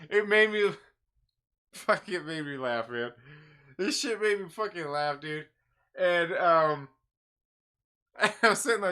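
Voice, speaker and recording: Brief Man, live-stream comics host, bright tone, loose and profane, laughs a lot. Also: high-pitched, big pitch swings, takes it slowly, long pauses. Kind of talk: casual live-stream chat.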